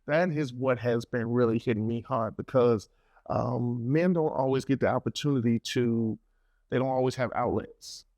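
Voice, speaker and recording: A man's voice: medium pitch, moderate pace, darkish tone, no room sound. A middle-aged man co-hosting a podcast, talking enthusiastically with small stumbles. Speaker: podcast co-host. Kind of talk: podcast talk with sponsor plug.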